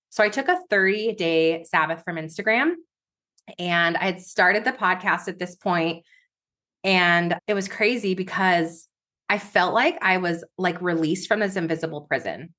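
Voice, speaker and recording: A woman's voice: lowish voice, measured pace, a bit bright. Emphatic woman telling her story. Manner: emphatic, building up with vivid examples. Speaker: guest business coach. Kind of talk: conversational interview storytelling.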